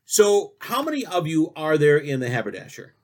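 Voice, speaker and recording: A man's voice: fairly high pitch, normal speed. A man hosting a spoof radio talk show, rambling through absurd jokes with a straight face. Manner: rambling, absurd deadpan banter. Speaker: host.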